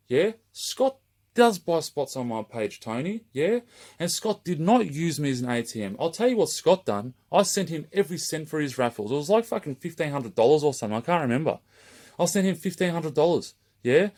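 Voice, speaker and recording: A man's voice: on the high side, expressive, brisk, a little mellow. A man running a raffle page, delivering a heated, rambling open-letter rant straight to camera and swearing constantly.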